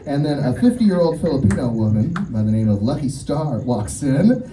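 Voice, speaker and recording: A man's voice: medium pitch, moderate pace, echoey room, distant mic, poor audio. A man performing a stand-up set at an outdoor show, telling stories and acting out the people in them. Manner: animated storytelling, acts out quoted voices. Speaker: stand-up comedian.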